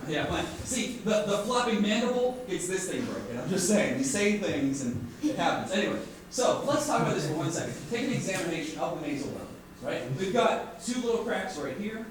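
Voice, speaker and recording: Animated jokey man teaching in echoey classroom. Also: sits high, moderate pace. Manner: jokey, animated, keeps asking "right?". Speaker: art teacher. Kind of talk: classroom lecture. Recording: echoey room from far off with faint noise.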